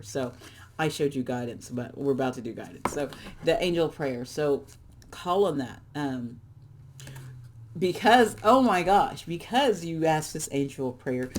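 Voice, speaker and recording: A woman's voice: rumbling low, warm tone. Rambling woman reading oracle cards. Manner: chatty, rambling, restarts often. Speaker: tarot reader. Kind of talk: casual spiritual card reading.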